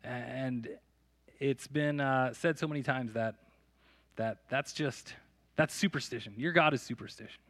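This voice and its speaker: A man preaching a sermon at a church service, reading scripture with dramatic emphasis and breaking into lively, joking asides. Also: medium pitch, unhurried, no room sound. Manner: animated storytelling with asides and jokes. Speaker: pastor.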